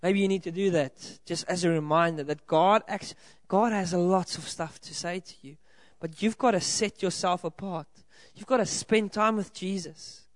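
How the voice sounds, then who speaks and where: A man's voice: sits high, normal speed, no room sound. A man from South Africa preaching a sermon to a congregation, earnest and encouraging, speaking directly to the people in front of him. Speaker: pastor. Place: church hall with a congregation.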